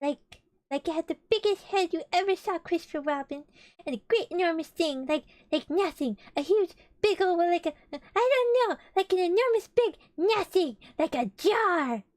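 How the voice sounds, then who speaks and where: A woman's voice: very high voice, sing-song, slow, pauses often, no room sound, pitched above the performer's own voice, exaggerated voice. A woman voicing a timid, easily frightened little male piglet in a storybook reading, stammering and breathless. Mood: panicky.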